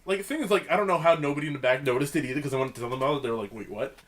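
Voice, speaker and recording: A young man co-hosting a podcast, chatting casually with quick, excitable slang. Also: a little high. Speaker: podcast co-host. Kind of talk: casual storytelling chat.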